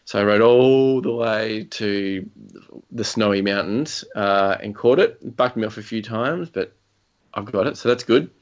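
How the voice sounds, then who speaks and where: A man's voice: on the low side, a little slow. A young man chatting casually about a video game, rambling through stories with lots of fillers and chuckles. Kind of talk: casual gaming chat. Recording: slightly dull lo-fi recording.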